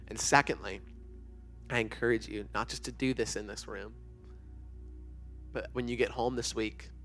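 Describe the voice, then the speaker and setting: A man's voice: on the low side, fairly bright tone. A young man preaching to a youth group in a church room, earnest and conversational, with many fillers. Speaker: youth pastor. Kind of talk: sermon to students.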